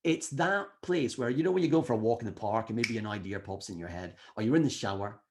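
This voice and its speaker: A middle-aged man giving an energetic motivational talk at a wellbeing summit, acting out quoted inner voices. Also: fairly low pitch, fast talker, noisy background.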